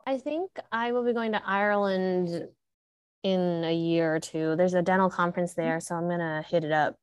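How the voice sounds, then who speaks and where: A woman in her thirties chatting casually as a podcast co-host, animated and giggly, often trailing off mid-sentence. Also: fairly low pitch, moderate pace, clear, resonant tone, no room sound. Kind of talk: casual chat.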